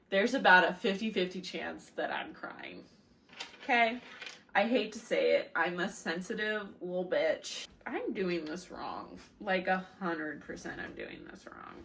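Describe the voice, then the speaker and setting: A woman's voice: medium pitch, a bit bright. A drunk young woman from the United States chatting casually in a vlog, rambling, swearing and laughing at herself. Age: young adult. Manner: rambling, laughing, crude and self-mocking. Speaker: vlogger.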